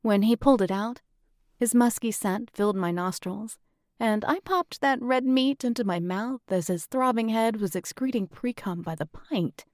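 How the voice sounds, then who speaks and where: A woman's voice: a little high, moderate pace, a little mellow, dry recording, studio quality. Woman reading a first-person audiobook. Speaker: audiobook narrator.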